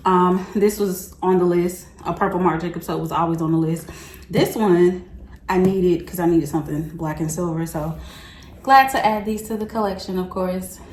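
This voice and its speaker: A young woman talks to her viewers in a chatty, slangy vlog, animated and often laughing. Her voice sits a little low. The room is echoey, with a faint hum behind her. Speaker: vlogger. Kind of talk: casual storytelling to camera.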